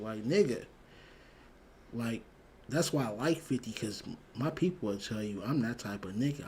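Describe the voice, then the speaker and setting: A man's voice: fairly low pitch, a little hiss or hum. A man hosting a show, giving a blunt, heated, profane commentary rant full of repeated words. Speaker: show host.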